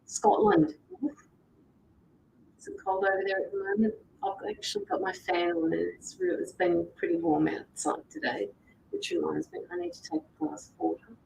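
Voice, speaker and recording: A woman's voice: medium pitch, very animated, moderate pace, vocal fry, darkish tone, a little hiss or hum, poor audio. An Australian woman hosting a tarot livestream, chatting casually and greeting viewers as she reads out their comments. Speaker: tarot reader and livestream host.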